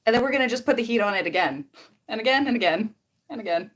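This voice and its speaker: Fast and lively in intonation, her voice runs a little high. The speaker is a young Canadian-accented beauty vlogger chatting on a livestream while she curls her hair, reading out comments and rambling between steps.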